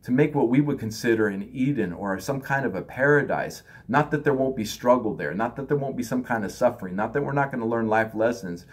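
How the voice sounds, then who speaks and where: A man's voice: medium pitch, expressive, a little fast, few pauses, husky. A man giving a loose, conversational spiritual talk, now and then acting out other people in raised voices. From United States. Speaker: spiritual teacher.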